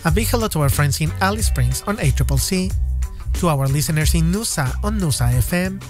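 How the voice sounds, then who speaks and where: A man hosting a current affairs radio show, introducing guests and reading news items in a steady, measured way. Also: fairly high pitch, soft background music.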